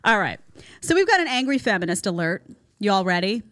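A woman's voice: medium pitch, very animated, fairly quick, fairly bright tone, dry recording. A woman hosting a podcast, giving opinionated commentary in a sarcastic tone and mocking people with impressions, recorded on a studio mic. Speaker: podcast host. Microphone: studio microphone.

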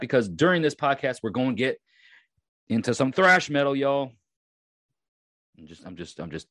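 A man's voice: fairly low pitch, dry recording, studio quality. A man from Long Island with a Long Island accent, hosting a casual solo podcast and rambling with many restarts and fillers. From Long Island, New York. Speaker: podcast host.

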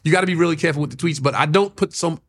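Middle-aged male comic guest, rapid talker, slightly high voice, emphatic. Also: a bit bright, husky. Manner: quick, emphatic storytelling with mimicry. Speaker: stand-up comedian guest. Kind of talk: casual chat.

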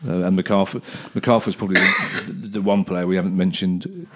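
A man co-hosting a football podcast, giving measured, opinionated analysis in casual chat, often restarting his sentences. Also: low voice, steady tone, heavy background noise. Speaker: podcast co-host.

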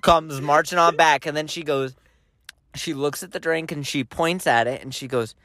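A man's voice: on the high side, normal speed, sharp tone, dry recording. A man co-hosting a podcast in casual chat, riffing emphatically and repeating phrases for effect. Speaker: podcast co-host.

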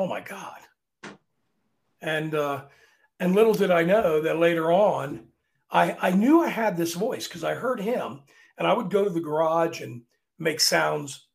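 Gravelly-voiced man telling stories. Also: a little high. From Virginia, USA. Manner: chatty, animated, often restarts sentences. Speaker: opera singer guest. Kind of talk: casual interview storytelling.

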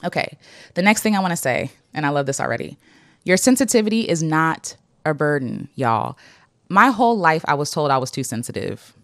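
A woman vlogger speaks in a slightly low voice, reading affirmations and then reflecting on them in an earnest, open, casual way. She laughs often and uses plenty of fillers. The sound is dry and close, with no room echo. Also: very animated, a little fast, fairly bright tone.

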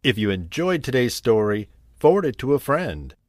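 A man reading a scripted bedtime story in a gentle, unhurried, expressive way. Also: medium pitch, dry recording, clean studio sound.

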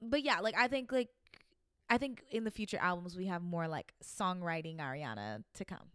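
A young woman hosts a laid-back podcast, talking in a chatty, animated way and dropping the odd swear word. Her voice is smooth and clear, and it sits dry and close to the mic. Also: fairly low pitch, normal speed, dry recording. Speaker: podcast host. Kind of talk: casual chat.

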